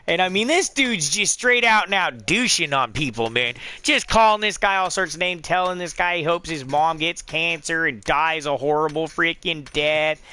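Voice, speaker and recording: A man's voice: fairly high pitch, pushed and bright, smooth. A middle-aged man chatting casually on a game stream, rambling through stories, swearing often and acting out the voices of the people in them. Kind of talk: casual chat on a live stream.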